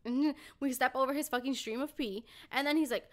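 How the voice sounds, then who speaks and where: A young woman with a high voice tells a story on a casual podcast. She swears freely and slips into the voices of the people she describes. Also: a little fast, few pauses. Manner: animated, swears a lot, acts out the people in her story. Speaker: podcast host.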